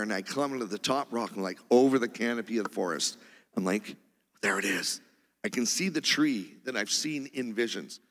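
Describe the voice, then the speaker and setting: A man preaching, telling a testimony story in an animated way with loud bursts of exclamation. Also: fairly low pitch, gravelly. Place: church sanctuary. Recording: reverberant church hall.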